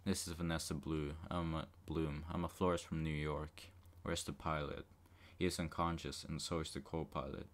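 A man reading the part of a young woman florist caught in an emergency, in a flat monotone. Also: rumbling low, moderate pace. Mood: deadpan. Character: flustered young woman florist stuck flying a plane.

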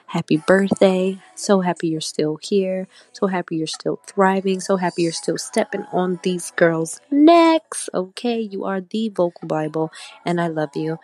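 A woman's voice: on the low side, darkish tone. A woman recording a gushing, emphatic birthday message as a fan.

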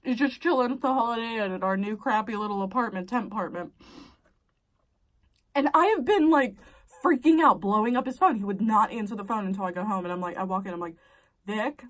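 A woman's voice: medium pitch, a little fast, recorded from a distance, rough recording. A young adult woman telling a personal story casually while eating, blunt and profane, her voice shooting way up when she gets worked up.

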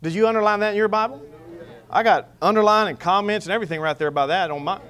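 A man's voice: high voice, fast talker, fairly bright tone, smooth, a faint crowd. A man preaching a sermon as pastor, mixing scripture reading with humor. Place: church.

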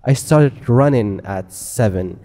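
A man's voice: mid-range voice, animated, slow pace, warm tone. A man giving casual, rambling let's play commentary on a horror game, swearing constantly and mocking himself. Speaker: gamer.

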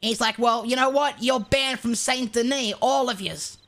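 A woman playing a brash young male outlaw, cursing through an animated roleplay story. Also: fairly high pitch, normal speed. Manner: swears constantly, animated storytelling. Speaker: roleplay streamer.

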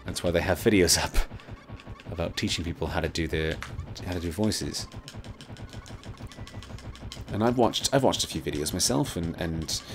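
A man's voice: low voice, normal speed, pauses often, background noise. A man hosting a casual let's play, rambling with lots of fillers and swearing. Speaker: gaming channel host.

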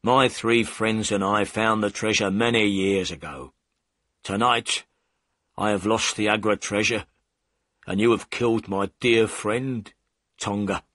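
Man doing a deep bitter prisoner, husky, slow and resigned, storybook voice, dry close sound. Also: fairly even intonation, fairly bright tone, no room sound. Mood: defiant. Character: bitter captured middle-aged man, gruff and resigned.

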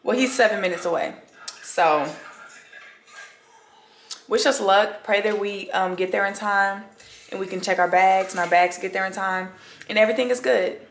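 A woman's voice: medium pitch, moderate pace, vocal fry, pauses often, soft background music. A woman vlogging casually to the camera from her bedroom, chatting with viewers and calling them y'all. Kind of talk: casual vlog chat to camera.

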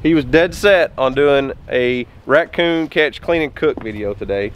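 Gentle Oklahoma homestead dad, higher voice. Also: male voice, slight background noise. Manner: gentle, coaxing, teasing. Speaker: homesteading vlog host and father. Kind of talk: casual outdoor vlog chat. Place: outdoors on a rural homestead. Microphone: camera-mounted shotgun mic.

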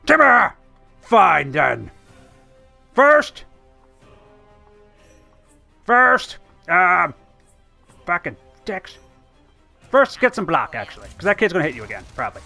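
A gamer giving excitable, sweary commentary over their own gameplay. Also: mid-range voice, moderate pace, vocal fry, long pauses, soft background music. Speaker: let's play gamer.

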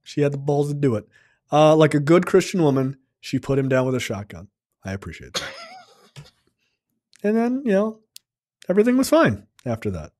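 A man with a slightly high voice rambles through a film recap in loose, profane podcast talk. He keeps slipping into the characters' lines to act them out. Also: sing-song, normal speed, pauses often, a little mellow. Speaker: film review podcast host. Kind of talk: casual movie recap with profanity.

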